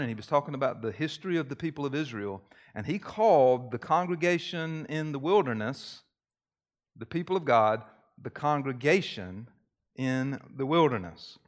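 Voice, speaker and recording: A pastor with a medium-pitched voice preaches a sermon, leading a short prayer and explaining terms in a measured way. He repeats key phrases for emphasis.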